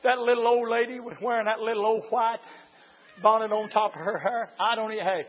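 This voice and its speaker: A man preaching a fiery sermon, moving from quiet storytelling to high shouted exhortation. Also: steady tone, fairly quick. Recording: dull lo-fi church recording.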